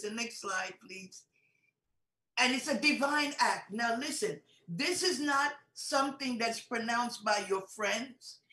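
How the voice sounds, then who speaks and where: A woman bishop teaching a sermon in an animated preaching style, full of rhetorical questions and repetition. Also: fairly high pitch. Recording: roomy echoey hall sound.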